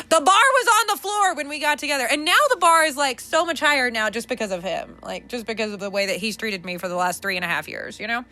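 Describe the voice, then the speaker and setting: Her voice is high-pitched, sharp and expressive, moving at a moderate pace. This young podcast host delivers a frank, relaxed monologue peppered with curses, fillers and frequent laughter.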